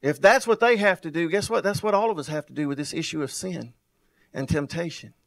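A male pastor, preaching a sermon full of rhetorical questions and repeated phrases, swinging between loud and soft and drawing out words for emphasis. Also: fairly high pitch, creaky. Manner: wide swings in loudness and pace, drawn-out emphasis.

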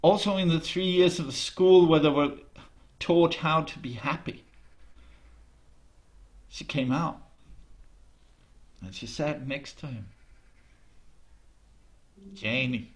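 A man tells a folk tale aloud in a slightly raised voice. He takes his time, pausing often and weighing each phrase. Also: on the high side. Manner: slow, deliberate, with pauses. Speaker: storyteller. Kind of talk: oral storytelling.

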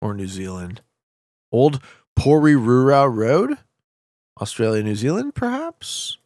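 A man streaming a geography guessing game, chatting to viewers with loud hype bursts and quiet muttering while he thinks. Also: mid-range voice, very animated, slow, no room sound, studio quality. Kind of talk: casual gameplay commentary.

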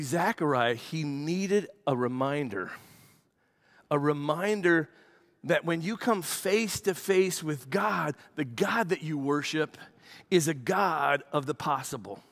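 A man, a pastor, preaching a sermon and telling a story with lively acted-out quotes. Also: on the high side. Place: church.

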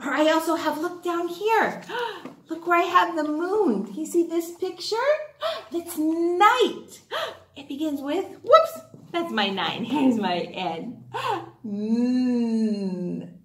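A woman teacher giving a phonics lesson to young children in an animated, sing-song way with excited gasps. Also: very high voice, slow pace, slight background noise. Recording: echoey room.

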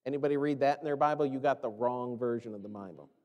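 An American man preaching a sermon as pastor, animated and often mimicking the complaining voices of others. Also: mid-range voice, fast talker, dull audio. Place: church sanctuary. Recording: long church reverb.

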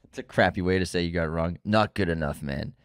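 A man's voice: sits low, quick pace, clear, resonant tone, dry recording, clean studio sound. A man co-hosting a casual movie podcast, playfully quizzing his co-host and teasing him.

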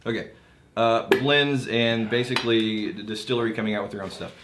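A man's voice: fairly low pitch, fairly even intonation, a little fast, noisy background. A man hosting a whisky tasting show, chatting casually, joking and reading out viewer questions. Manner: jokey, reads out viewer questions.

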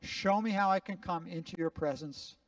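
A man's voice: high-pitched, normal speed, no room sound, far from the mic. A man, a rabbi, preaching and then leading his congregation in earnest prayer and responsive lines. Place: congregation sanctuary.

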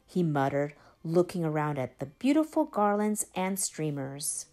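Slow, lively woman reading a storybook. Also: deep voice, soft background music. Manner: expressive, slow and lively read-aloud. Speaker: storybook reader. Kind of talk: reading a children's picture book aloud.

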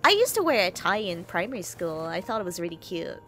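A woman's voice: fairly low pitch, sing-song, fairly quick, sharp tone, faint music behind. A young woman chatting casually while streaming a game, rambling and sweary, with lots of restarts.

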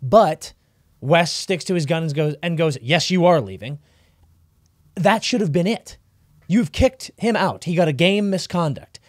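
A man co-hosting a sports podcast, ranting in casual chat with big swings between loud and quiet. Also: a little high, animated, normal speed, no echo, studio quality. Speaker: podcast co-host.

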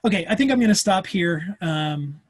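Chatty, husky man teaching physics. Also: high-pitched, lively intonation, normal speed. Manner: chatty and informal, with many fillers and asides. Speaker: physics instructor. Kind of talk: casual lecture. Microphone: video call.

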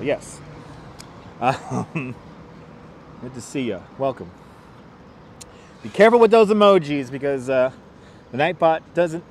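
A man's voice: fairly high pitch, a little hiss or hum. A man from New York hosting a live stream while walking outdoors, greeting viewers one by one in a casual, upbeat way on a clip-on mic. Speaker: live-stream host walking a city tour. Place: outdoors on city streets by a river. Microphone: wireless clip-on mic.

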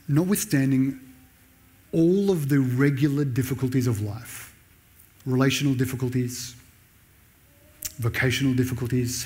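A man preaching a sermon in a church, raising his voice sharply when he reads out sarcastic lines. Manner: animated preaching, pitch jumping up when voicing Paul's sarcasm. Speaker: pastor.

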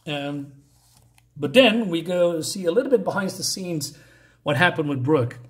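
A man's voice: a little high, animated, a little slow. Rambling man reviewing a comic. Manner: rambling, many fillers and restarts; enthusiastic about the artwork. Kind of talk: casual comic review, reading panels aloud.

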